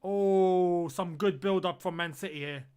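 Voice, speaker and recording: A man's voice: high-pitched, measured pace, darkish tone, smooth. A man streaming a football watch-along, reacting live to the match and repeating phrases as he groans and exclaims at the play.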